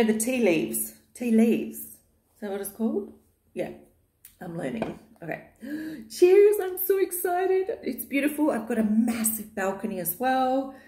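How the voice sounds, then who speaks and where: A woman's voice: on the high side, a little mellow. A woman chatting casually in her vlog, gushing and affectionate, with lots of fillers, filmed in the living room of her new home. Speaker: vlogger. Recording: echoey bare room.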